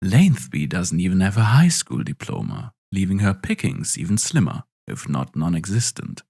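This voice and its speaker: A man narrating a story in a wry, expressive way. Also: low voice, normal speed, slightly rough.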